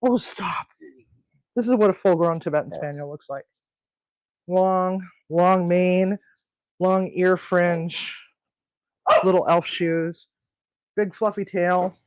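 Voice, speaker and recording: A woman's voice: on the low side, slow, long pauses, darkish tone, dry recording. A woman hosting a casual home cooking video, rambling and chatty, cooing at her pets. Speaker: home cooking show host. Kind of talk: casual cooking and pet chat.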